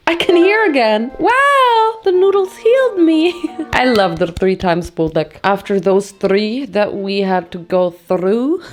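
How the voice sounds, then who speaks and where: A woman's voice: lowish voice, a little mellow. A young woman from Germany with a German accent, reviewing food in a playful, dramatic vlog and laughing often. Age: young adult. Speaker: food vlogger.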